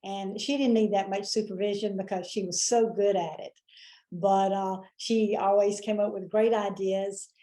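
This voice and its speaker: A middle-aged woman, hosting a vlog and telling a personal story in a chatty, animated way, with many fillers and restarts. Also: medium pitch, normal speed. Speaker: vlog host.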